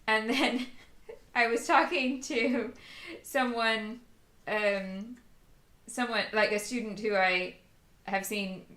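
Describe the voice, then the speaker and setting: A woman in her forties chats away as she hosts a live crafting stream, laughing easily and muttering to herself as she works. Her voice is bright and a little high, and the room gives it a noticeable echo. She sounds relaxed and conversational throughout. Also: slow. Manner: chatty, laughs often, talks to herself while working. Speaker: crafting livestream host. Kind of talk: casual live chat while crafting. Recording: roomy echo.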